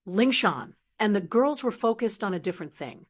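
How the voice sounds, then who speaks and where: A woman narrating a translated fantasy novel as an audiobook in an even, steady storytelling manner. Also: medium pitch, moderate pace, hardly any pauses. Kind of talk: scripted narration.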